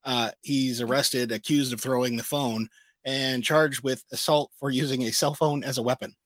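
A man co-hosting a casual pop-culture show, reading out news items in a relaxed, filler-heavy way. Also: medium pitch, normal speed, no echo. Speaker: co-host. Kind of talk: casual chat about comic and pop news.

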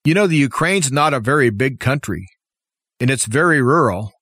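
A man's voice: mid-range voice, expressive, normal speed, fairly bright tone, no room sound, studio quality. A man giving an impassioned, opinionated political commentary monologue as a talk show host, full of rhetorical questions. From United States.

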